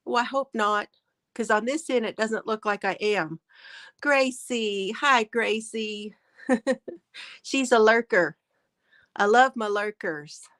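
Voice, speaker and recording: A woman's voice: on the high side, takes it slowly, long pauses, fairly bright tone. A woman hosting a casual crochet livestream from her phone, chatting, laughing often and greeting viewers by name.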